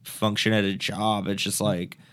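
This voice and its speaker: A man's voice: fairly low pitch, flat delivery, a little slow, fairly bright tone, smooth. A man, a comedian guest on a podcast, talking in rambling, self-deprecating casual chat full of fillers.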